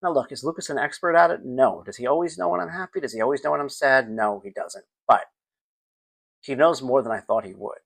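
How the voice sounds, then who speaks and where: A man's voice: mid-range voice, brisk, creaky. A middle-aged man hosting a casual solo podcast, telling stories about his son and acting out the scenes. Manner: animated, acts out scenes, sings snippets. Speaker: podcast host.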